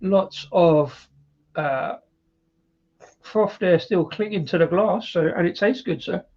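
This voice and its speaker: A man's voice: high voice, slow, darkish tone, dull audio. A British man hosting a live beer review, chatty and rambling with frequent laughs. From Britain.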